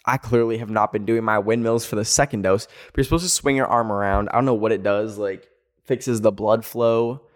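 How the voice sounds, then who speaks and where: A man hosting a podcast, telling a story in a casual, animated way with sassy asides. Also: on the low side, a little fast. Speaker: podcast host. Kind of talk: casual chat.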